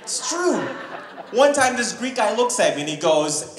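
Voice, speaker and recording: A man's voice: sits high, moderate pace, roomy sound, a little hiss or hum. A man doing a crude stand-up set in a comedy club, telling stories and bantering with the crowd. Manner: animated, crude, storytelling with audience banter.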